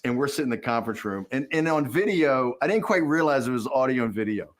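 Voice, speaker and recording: Interview guest: man in his sixties, mid-pitched, animated raconteur who voices the other people in his stories. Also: fast. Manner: animated storyteller acting out quoted dialogue. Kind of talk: candid documentary interview.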